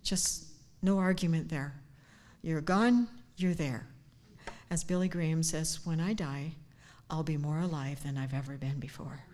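An older woman giving a heartfelt personal devotion, earnest and sincere, sometimes dropping to a hushed near-whisper. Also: sits low, a little slow. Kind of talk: personal devotional talk with scripture. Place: church gathering, speaking standing up.

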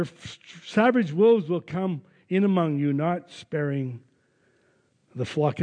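A man's voice: on the high side, a little mellow, big-room sound. A man preaching a sermon as pastor, earnest and emphatic. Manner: earnest, emphatic, with some restarts. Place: church.

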